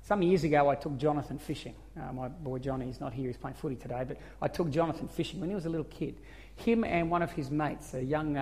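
A man, a pastor telling a story in a sermon, swinging from soft talk to shouting. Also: a little high. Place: church hall. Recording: long hall reverb.

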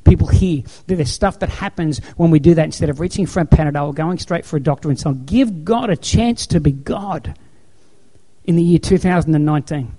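Mellow-voiced male preacher, emphatic storyteller. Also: on the high side, a little fast. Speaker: pastor. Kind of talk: sermon.

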